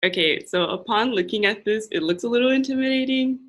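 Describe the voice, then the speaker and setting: A young woman presenting a classroom lesson, speaking patiently and repeating phrases slowly for learners. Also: on the high side, a bit bright. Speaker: language and culture presenter. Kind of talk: classroom teaching.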